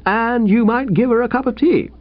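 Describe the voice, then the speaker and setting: A man's voice: extremely high pitch, normal speed, pitched above the performer's own voice. A man voicing a cheerful, breezy young husband who talks in a hearty, confident way, in a dull lo-fi recording.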